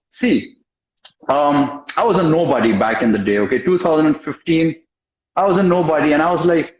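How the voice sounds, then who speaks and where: A young man with a slightly higher voice recounts events in a casual interview, punching his lines with emphasis and voicing the people in his story. His voice carries a noticeable echo from the room around him. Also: normal speed. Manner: animated, emphatic storyteller who acts out dialogue and tags lines with "okay?". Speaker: interview guest. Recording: echoey room.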